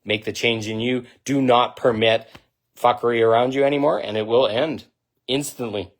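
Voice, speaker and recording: A man's voice: steady tone, normal speed. Blunt, profane, impassioned man. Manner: blunt, profane and impassioned, swinging between loud outbursts and low intensity. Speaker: spiritual vlogger. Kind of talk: direct-to-camera monologue.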